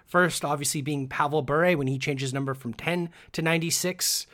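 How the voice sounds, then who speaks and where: A man's voice: fairly high pitch, fairly even intonation, a little fast, fairly bright tone. A man co-hosting a casual sports podcast, chatty, with many fillers and restarts. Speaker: podcast co-host.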